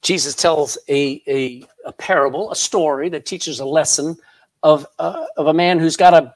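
A man's voice: a little high, moderate pace, no room sound. A man preaching a sermon in church, reading scripture aloud and laughing at his own jokes. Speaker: pastor.

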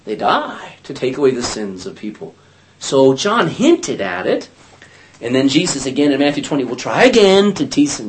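A man's voice: medium pitch, very animated, normal speed, slight background noise, rough recording. A man teaching a Bible study, asking his listeners questions and acting out scripture quotes in character voices.

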